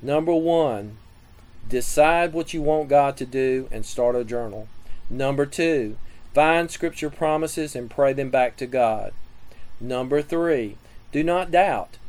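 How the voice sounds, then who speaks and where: A man giving a scripted sermon teaching on prayer, reading scripture and listing numbered points in a measured way. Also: medium pitch, a little mellow, poor audio. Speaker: preacher.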